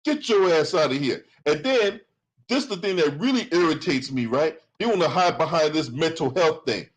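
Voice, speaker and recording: A man's voice: on the high side, animated, moderate pace, breathy edge, poor audio. A male commentary host reading a lawsuit aloud and mocking it. His delivery is profane and sarcastic, full of scornful asides. He swings between plain reading and heated ranting.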